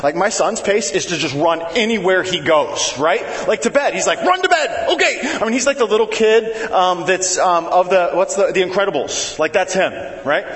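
A man preaching to his church, chatty and animated, breaking into playful voices when he acts out his children. His voice sits a touch high for a man. The sound rings with the long reverb of a large sanctuary. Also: normal speed, few pauses. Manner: animated, conversational, acts out family members with big pitch jumps. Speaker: pastor. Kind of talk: sermon with family stories.

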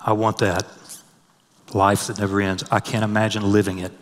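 Low-voiced man preaching in a reverberant hall. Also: flat delivery, normal speed. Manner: swells loud and high for scripture, drops soft and low for a personal story. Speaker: pastor. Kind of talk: sermon.

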